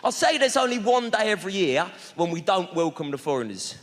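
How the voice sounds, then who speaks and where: A man's voice: high voice, big pitch swings, brisk. A man doing stand-up, bantering cheekily with the crowd from a big theatre stage. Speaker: stand-up comedian. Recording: live theatre recording with long reverb. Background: loud audience laughter and noise.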